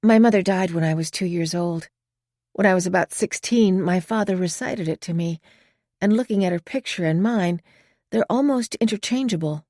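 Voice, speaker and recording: A young, grieving and guarded woman gem expert, as a woman narrator voices her, speaking in an earnest, soft-spoken way. The audiobook recording is dry and close. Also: fairly low pitch, moderate pace, no room sound.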